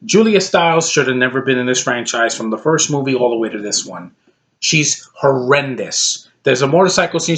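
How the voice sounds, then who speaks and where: A man's voice: mid-range voice, expressive, normal speed, fairly bright tone. A man ranting casually about a film he dislikes, blunt and exasperated, rambling with frequent restarts. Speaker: movie reviewer.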